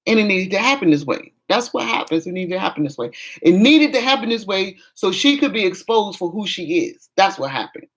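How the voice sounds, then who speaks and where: A woman's voice: mid-range voice, very animated, brisk. A middle-aged woman, venting frankly in a casual vlog chat. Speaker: vlogger.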